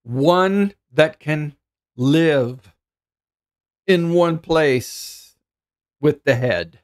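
Earnest pastor preaching, fairly high voice. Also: male voice, animated, extremely slow, smooth. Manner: earnest, thinks aloud and repeats words. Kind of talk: sermon.

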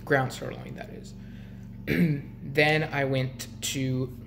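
A young man talking casually to his vlog viewers, rambling with restarts and frequent throat clearing. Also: medium pitch, level tone, slow pace, noisy background. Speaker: vlogger.

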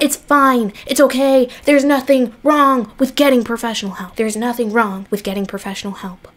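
A woman's voice: high voice, a bit bright. A woman giving blunt, exasperated, swear-filled commentary on recorded call clips. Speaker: commentary YouTuber.

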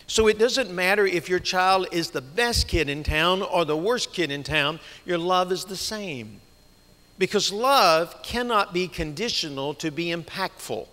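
A man's voice: sits high, expressive, unhurried, sharp tone. A man preaching a sermon as a guest speaker, telling stories earnestly and asking the congregation rhetorical questions. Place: church sanctuary. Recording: long church reverb.

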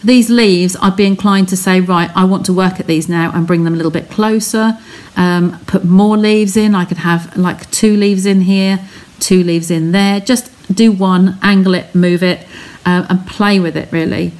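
A woman's voice: lowish voice, fairly even intonation, moderate pace, hardly any pauses, a little mellow. A woman chatting as she talks viewers through a craft technique step by step on a live stream from her home studio. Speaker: craft demonstrator.

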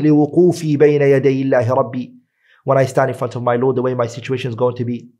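Earnest male preacher, mid-pitched voice. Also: little pitch movement, warm tone. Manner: recites Arabic lines quickly, then translates into English more slowly. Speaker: Islamic teacher. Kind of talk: sermon storytelling with Arabic quotes and translation.

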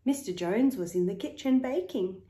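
A woman reading a children's picture book aloud in a slow, expressive, rhythmic way. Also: medium pitch. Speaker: storyteller. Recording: echoey room.

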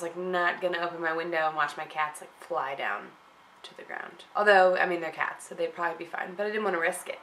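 A rambling, chatty woman talking to her camera in a home office. Her lowish voice sounds thick and nasal, as if she is getting over a cold. A faint hum of outdoor ambience comes through open windows. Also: a bit bright, rough recording. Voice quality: deep and nasal. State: congested from a cold. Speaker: blogger. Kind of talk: casual rambling vlog chat.

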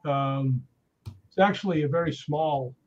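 A man's voice: on the high side, unhurried, muffled recording. A man telling ghost-hunting stories in casual chat, acting out what people said. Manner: animated anecdotes with acted-out quotes. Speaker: guest.

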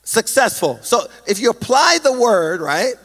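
High-voiced preaching pastor, reverberant hall. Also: male voice, unhurried. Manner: animated preaching, sing-song emphasis, self-deprecating humor. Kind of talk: sermon. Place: large church hall.

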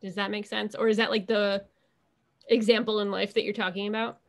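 A young woman with a gravelly, fry-laden voice talks through her ideas in a casual interview. Her speech wanders, full of fillers and restarted thoughts, in a middle register. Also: medium pitch, little pitch movement, brisk. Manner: rambling, filler-heavy, restarts thoughts often. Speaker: interview guest.

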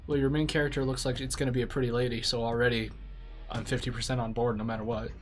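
A man reacting casually to game trailers, profane, excitable and joking. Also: medium pitch, fast, faint music behind. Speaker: gaming video reactor. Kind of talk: casual live reaction commentary.

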